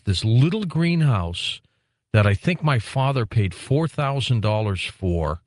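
A middle-aged male radio host from Detroit talks in a chatty, animated way, his pitch rising and falling a lot. His voice sits mid-range, and the studio sound is dry and close. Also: no echo. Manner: animated and chatty, stammers at starts. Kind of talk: conversational radio talk.

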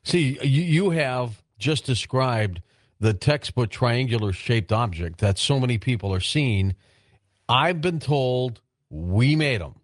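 A man's voice: mid-range voice, animated, slow, dry recording. A man hosting a late-night call-in radio show, easygoing and curious, weighing his answers thoughtfully at a studio microphone. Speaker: radio talk show host.

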